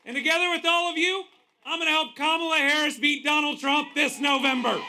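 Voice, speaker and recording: Emphatic governor shouting to an outdoor rally. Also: male voice, extremely high pitch, steady tone, fairly quick, crowd noise, noisy background. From Kentucky. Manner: emphatic, chanting lists of proud declarations. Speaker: visiting governor, rally speaker. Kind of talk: rousing political rally speech.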